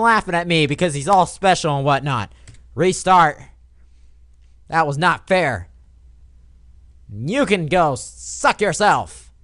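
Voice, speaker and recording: A young man doing casual let's play commentary, swearing and yelling at the game, then dropping to a quiet mutter. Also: sits high, no echo, studio quality. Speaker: gamer.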